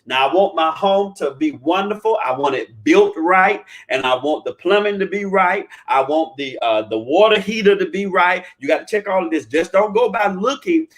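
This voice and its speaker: A man giving home-buying and credit advice in a folksy, preachy way, often checking in with "all right?" and sometimes breaking into loud chanting. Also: high voice, moderate pace, few pauses. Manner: animated, bursts into loud chanting. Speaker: credit repair advisor. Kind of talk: live-streamed advice talk.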